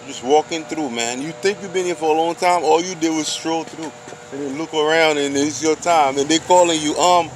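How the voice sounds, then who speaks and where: A man talks in a loose, slangy way, preaching and piling up rhetorical questions. His voice sits a little higher than most men's. Passing cars and a steady street hum fill the noisy outdoor recording. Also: a little fast. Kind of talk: casual street monologue.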